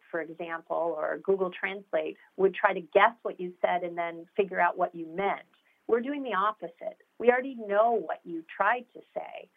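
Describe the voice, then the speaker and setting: Gravelly-voiced woman founder on a phone line. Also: medium pitch. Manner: enthusiastic, explanatory, many fillers. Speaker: startup founder. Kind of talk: interview answers.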